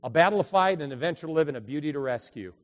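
High-voiced preaching man in an echoey hall. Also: racing. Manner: animated preaching, swinging between loud bursts and quiet asides. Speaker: pastor. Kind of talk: sermon. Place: church sanctuary.

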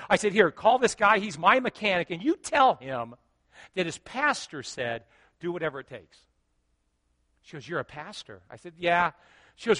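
A middle-aged male pastor telling a story in a sermon, animated and joking, acting out what people said. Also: high voice, normal speed. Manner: animated, joking, acts out quotes.

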